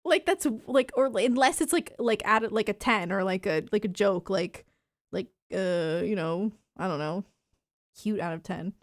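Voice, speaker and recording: A woman's voice: medium pitch, a little slow, dry recording, studio quality. A woman streamer chatting with her live chat, playfully mock-offended and laughing often. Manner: soft baby talk to her dog.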